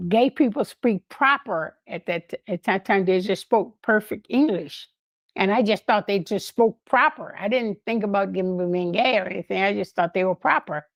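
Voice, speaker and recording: An older woman telling lively anecdotes in a casual way, laughing often and acting out what others said. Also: mid-range voice, moderate pace, no room sound. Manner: animated, laughing, acts out quoted voices. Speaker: guest storyteller.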